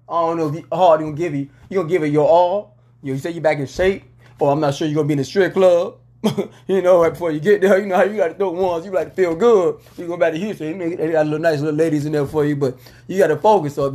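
High-voiced man riffing on basketball. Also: darkish tone. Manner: loose, rambling and joking, with colloquial slang. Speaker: podcast host. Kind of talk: casual sports commentary.

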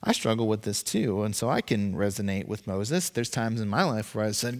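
A man preaching a sermon in an animated, emphatic way, acting out voices as he goes. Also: on the low side, moderate pace. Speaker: pastor. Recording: long reverb, echoey hall.

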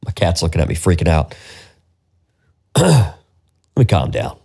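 A man's voice: sits low, measured pace, creaky, slightly rough. Guy ranting on his own podcast, swears a lot, voice jumps all over the place. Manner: profane, exasperated, animated rant. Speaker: podcast host.

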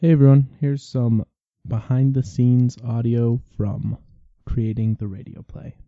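A man's voice: mid-range voice, steady tone, a little slow. A young man giving a casual, offhand behind-the-scenes intro and chatting with friends. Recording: muffled lo-fi recording with faint noise.

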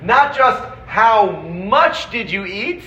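A man teaching a Torah class, animated and quick, acting out the sources he quotes. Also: sits high. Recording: roomy, dull audio with faint background noise.

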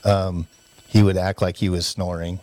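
A man with a fairly low voice tells loose, rambling stories about growing up. He slips into his parents' voices as he acts out scenes, laughing along the way. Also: moderate pace, dry recording. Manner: animated storyteller who acts out parents' voices. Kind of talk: casual storytelling chat.

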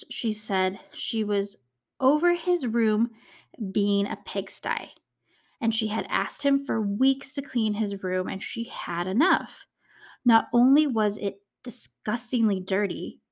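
A young woman hosts a true crime podcast in a loose, conversational way, peppering her telling with "like" and personal asides. Her voice sits at an ordinary middle pitch. She gets choked up at the sad parts. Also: unhurried. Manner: chatty, uses "like" a lot, emotional asides. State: choked up, tearing. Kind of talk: casual storytelling.

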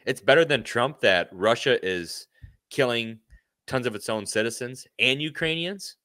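A man co-hosting a talk show who chats about politics with animated sarcasm. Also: medium pitch, a little slow, dry recording, clean studio sound. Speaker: podcast co-host. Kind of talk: casual political chat.

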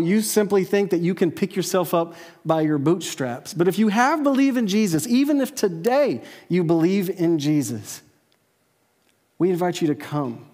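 A man preaching a sermon to a church congregation in a conversational way, often checking in with his listeners with a quick "right?". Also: high voice, a little mellow, in a large hall. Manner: conversational, peppered with "right?" tag questions. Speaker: pastor. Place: church service with a live audience.

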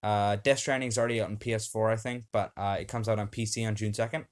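A man's voice: lowish voice, steady tone, quick pace. A young man hosting a casual home podcast, upbeat and rambling, with many fillers, reading lists off a screen. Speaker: podcast host.

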